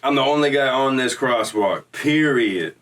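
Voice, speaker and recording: A man's voice: medium pitch, animated, measured pace, fairly bright tone. Slangy streetwise man, distant mic. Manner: slangy, streetwise, acts out quoted voices. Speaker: storyteller. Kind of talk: casual storytelling.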